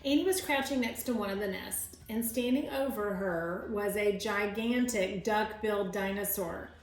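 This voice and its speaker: Brief: teacher reading a children's book aloud, chatty asides, some fry, roomy echo. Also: female voice, mid-range voice, normal speed. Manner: chatty asides to young listeners. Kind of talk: read-aloud storytelling.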